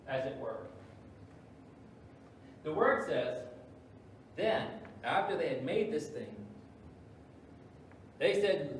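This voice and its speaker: Pastor, male, sermon delivery with big loud-soft swings, heard from far off in a very echoey church. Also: a little high, animated, takes it slowly, pauses often, slight background noise. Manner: dramatic swings between loud emphasis and hushed asides. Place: church sanctuary.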